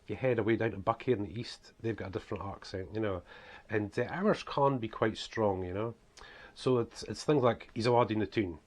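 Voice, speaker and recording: Husky Scottish man, rambling chat. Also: on the low side, brisk. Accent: Scottish, toned down. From northeast Scotland. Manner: rambling, with many "you know" fillers and "guys". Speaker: author and preacher presenting his book series. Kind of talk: casual talk to camera.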